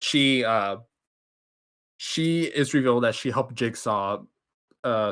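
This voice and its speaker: Excited young man rambling through a recap. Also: medium pitch. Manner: excited, rambling, acts out characters' lines. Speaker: podcast host. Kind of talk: casual movie recap.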